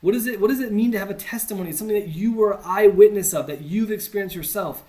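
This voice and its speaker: Here a US-born teacher on evangelism talks fast in a high, somewhat dark voice. The lesson feels like a conversation, earnest in tone and dotted with jokes at his own expense.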